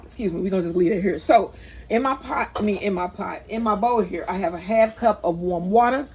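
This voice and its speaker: A woman's voice: mid-range voice, brisk, darkish tone. A woman with a St. Louis accent hosting a casual home cooking video, chatting to viewers as y'all and laughing at herself. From St. Louis, USA. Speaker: cooking channel host. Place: home kitchen. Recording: noisy home recording.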